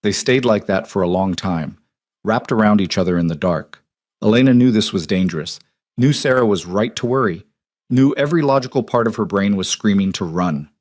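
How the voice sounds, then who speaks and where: A man narrating a romance audiobook in calm, measured tones. His voice sits low and the recording is dry and close. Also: no room sound. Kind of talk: scripted narration.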